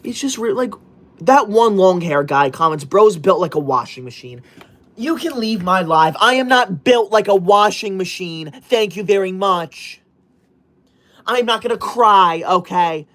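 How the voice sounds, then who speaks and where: A man livestreaming in a strict teacher persona, reading viewer comments out loud in a loud, indignant and bossy way. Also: high-pitched, animated, a little slow.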